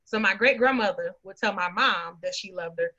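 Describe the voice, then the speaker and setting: A woman speaks with a bright, forceful tone, telling her own family story earnestly and with feeling. She often quotes her relatives as she talks. The audio is dull and lo-fi. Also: mid-range voice, moderate pace. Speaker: podcast guest, author. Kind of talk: personal storytelling.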